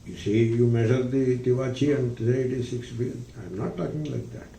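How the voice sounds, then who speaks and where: Deliberate gravelly male spiritual teacher. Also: mid-range voice, mellow, slight background noise. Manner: deliberate, emphatic, with rhetorical questions. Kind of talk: philosophy discourse. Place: retreat ranch hall. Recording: roomy, distant mic, faint ambience.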